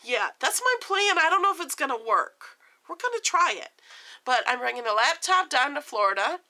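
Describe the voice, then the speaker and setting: Chatting casually to the camera, this woman vlogger rambles in a scattered, jittery, overstimulated way and laughs at herself as she goes. Her voice is high and sing-song, with a sharp tone, and she talks at a normal speed.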